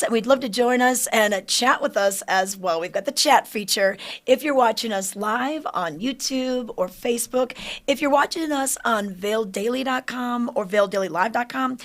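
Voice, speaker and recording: Upbeat woman hosting a morning show. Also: fairly high pitch. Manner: upbeat, chatty, rundown of the show. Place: studio newsroom.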